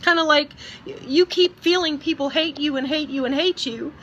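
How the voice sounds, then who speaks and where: A woman speaking earnestly and emotionally in a personal video message, often halting and restarting. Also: sits high, a bit bright, dull audio, a little hiss or hum. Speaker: vlogger.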